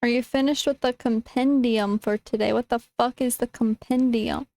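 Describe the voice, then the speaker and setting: A woman VTuber streaming a game in casual chat, dramatic, swearing a lot and bursting into shouts, her throat strained from yelling. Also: fairly high pitch, steady tone, normal speed, no echo, low-quality recording.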